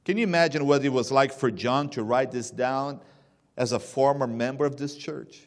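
A man preaching a sermon, swinging between loud emphatic bursts and hushed, low lines. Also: moderate pace. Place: church sanctuary. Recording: long reverb of a church hall.

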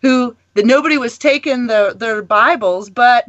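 A woman guest on a ministry talk show, telling stories in a lively, rambling way and laughing often. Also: a little high, moderate pace, no room sound, dull audio. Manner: animated storytelling, laughing often. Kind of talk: casual chat.

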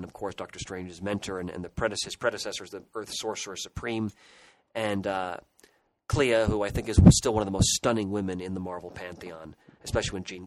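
The poor recording, with a little hiss or hum, carries a man's fairly low voice. He's a middle-aged podcast co-host chatting casually and rambling nostalgically about his childhood.

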